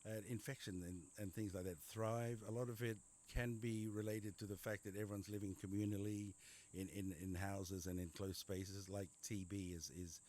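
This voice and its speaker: A middle-aged man with an Australian accent speaks in a fairly low voice. He talks casually in an interview, rambling, restarting and repeating words as he tells his story. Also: little pitch movement, normal speed, darkish tone. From Papua New Guinea. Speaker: general practitioner guest. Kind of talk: conversational interview.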